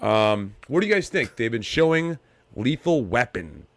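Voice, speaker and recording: A man's voice: mid-range voice, big pitch swings, normal speed. A man with a New York accent hosting a casual podcast over a video call, joking around, swearing freely and laughing at his own slips. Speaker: stand-in podcast host.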